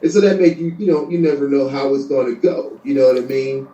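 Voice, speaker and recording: A man's voice: medium pitch, fast talker, dark tone, muffled recording. A man talking as a guest in a casual chat, rambling with many fillers. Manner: rambling, lots of "you know". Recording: echoey room, far from mic.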